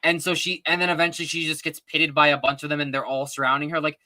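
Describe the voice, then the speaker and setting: Excitable bright-voiced man. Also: a little high, fast, no echo. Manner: excitable, rambling, frequent restarts. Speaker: podcast co-host. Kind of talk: casual fan discussion.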